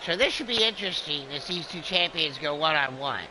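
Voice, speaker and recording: A man's voice: fairly high pitch, animated, a little fast, noisy background. A man calling a wrestling game as a rambling, jokey streamer who plays a drunken clown persona. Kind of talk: excitable play-by-play game commentary.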